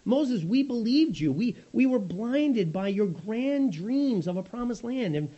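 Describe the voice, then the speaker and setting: A shrill, whining Israelite who grumbles about everything, as a preacher puts him on. The voice climbs high and swings wildly, husky at the edges. It is heard through a slightly muffled recording. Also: male voice, sing-song, measured pace, dark tone, exaggerated voice. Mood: whiny, exasperated. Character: whining grumbling Israelite, male adult, complaining.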